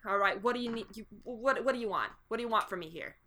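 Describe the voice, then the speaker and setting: A woman's voice: a little high, fast, sharp tone. A woman voicing a cornered male butler who pleads and insists. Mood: demanding.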